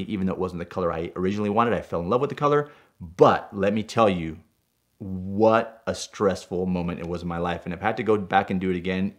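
A man from Puerto Rico tells a car story with a low voice. He is excitable and swings into loud outbursts as he relives his anger. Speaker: storyteller guest. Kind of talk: animated storytelling.

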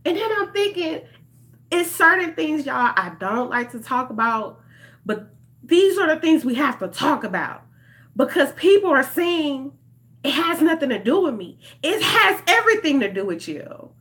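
A woman's voice: sits high, sing-song, moderate pace, a bit bright. A young woman, talking straight to her viewers in an impassioned vlog. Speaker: vlogger. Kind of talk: emotional direct-to-camera commentary.

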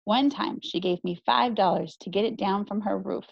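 A woman's voice: medium pitch, moderate pace, vocal fry, breathy edge. A woman voicing an easygoing sporty boy telling a story in a matter-of-fact way. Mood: chatty. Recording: dry, slightly muffled recording.

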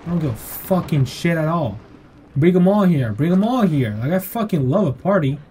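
A man giving profane, jumpy commentary while playing a video game, swinging between yelling outbursts and self-mocking jokes. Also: a little high, lively intonation, moderate pace, a little hiss or hum. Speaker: gameplay streamer. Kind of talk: live gameplay commentary.

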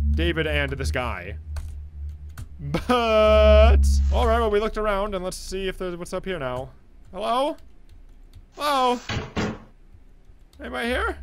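A man giving jokey let's-play commentary on a horror game, reacting loudly and reading notes aloud. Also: high voice, background noise. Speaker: gamer playing a horror game. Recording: loud game music behind voice.

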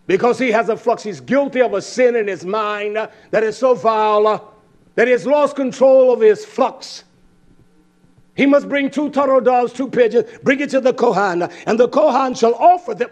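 A man preaching a fiery scripture sermon, confrontational, firing rhetorical questions and swinging between loud outbursts and low muttering. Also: animated, fairly quick.

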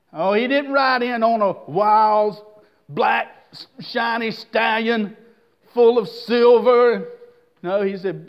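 Male pastor, very high voice, slow delivery, folksy sermon, dull lo-fi church tape. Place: church service.

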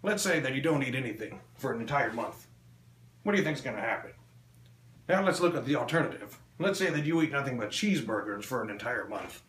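A man doing a crude stand-up comedy set, delivering deadpan one-liners on a small club stage. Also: medium pitch, a little fast. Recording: echoey room with faint ambience.

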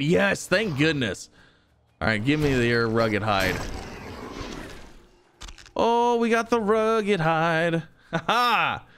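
A young man giving excitable let's-play commentary, chuckling and talking to the enemies he fights. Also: fairly high pitch, a little hiss or hum. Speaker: gaming YouTuber.

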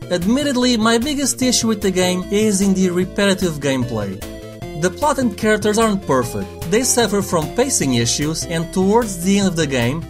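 Sarcastic young man reviewing retro games. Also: high-pitched. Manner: sarcastic, blunt, swears for emphasis. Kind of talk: scripted review voice-over. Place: voice-over over game footage.

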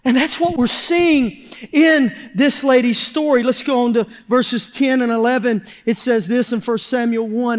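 A man with a strikingly high voice preaches a fervent sermon in a church. He swings from shouted, urgent peaks down to hushed, quiet stretches, speaking in a folksy, down-home way. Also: a little fast. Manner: folksy Southern phrasing. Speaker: pastor. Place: church sanctuary.

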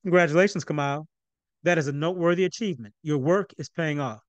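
A man reading a calm, firm father. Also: fairly high pitch, dry recording, muffled recording, close to an everyday voice. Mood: measured. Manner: measured and deliberate.

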